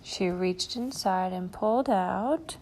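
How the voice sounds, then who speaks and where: A woman reading a children's storybook aloud, expressive and slowing for effect. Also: mid-range voice. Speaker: storybook reader. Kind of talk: children's book read-aloud.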